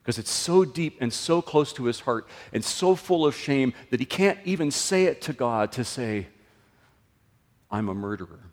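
A male pastor preaches in a relaxed, conversational manner, his voice rising and then dropping to a hush. He speaks at a middling pitch. A long reverb trails his words through a large church room. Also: moderate pace, few pauses. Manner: conversational, with sudden lifts and drops in pitch and loudness. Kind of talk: sermon.

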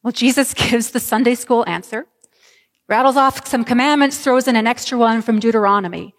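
A woman pastor preaching a sermon, telling the story vividly with dramatic pauses. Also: fairly high pitch. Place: church sanctuary. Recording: reverberant church hall.

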